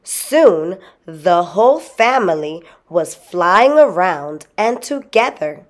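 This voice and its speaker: A woman reading a children's story aloud in a slow, expressive way. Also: lowish voice. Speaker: storybook reader.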